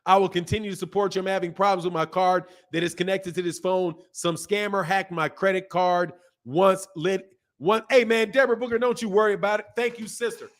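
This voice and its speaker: High-pitched guy hosting a boxing live stream, ranting and slangy, reading chat. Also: a little fast. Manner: animated, ranting, slangy, apologetic swings. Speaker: boxing channel host.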